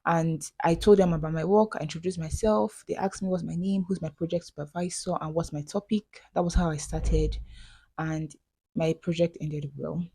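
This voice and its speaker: A woman's voice: on the low side, fairly even intonation, moderate pace, gravelly, mellow, husky. A young woman in her twenties with a Nigerian accent, talking casually in a vlog voiceover, chatty and prone to repeating herself. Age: 20s. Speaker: vlogger.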